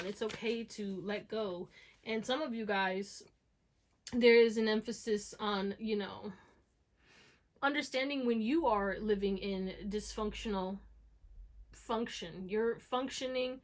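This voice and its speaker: A woman's voice: mid-range voice, slow, a little hiss or hum. A woman giving a casual pick-a-card tarot reading, talking straight to her viewers with lots of "okay?" and "you know what I'm saying?". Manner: slang-flavored, encouraging, talks to viewers as y'all. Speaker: tarot reader.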